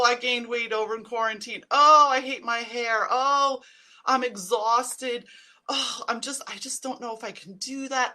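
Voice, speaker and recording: Bright-voiced woman coaching on a live stream. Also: medium pitch. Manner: chatty, upbeat, addresses viewers as guys; acts out quoted self-talk in changed voices. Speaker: stress relief coach. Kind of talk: casual live stream talk to viewers.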